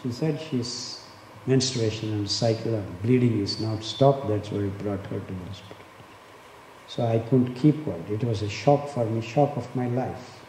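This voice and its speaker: A man's voice: lowish voice, normal speed, dark tone. A man in his sixties from India, giving an impassioned talk and repeating words for emphasis. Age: 60s. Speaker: speaker on diet and health. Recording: echoey hall, faint background noise.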